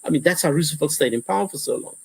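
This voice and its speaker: Animated husky-voiced professor in interview. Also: male voice, fairly high pitch, racing, dry recording, rough recording. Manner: animated, repetitive restarts, acts out quotes. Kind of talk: conversational interview.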